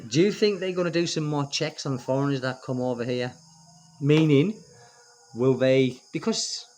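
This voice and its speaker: A man's voice: mid-range voice, a little mellow. British expat guy rambling on his vlog, lots of uhs, voice bouncing up n down. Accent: British English. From United Kingdom. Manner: rambling, opinionated, with many fillers and restarts. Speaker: expat vlogger. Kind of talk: casual chat to camera.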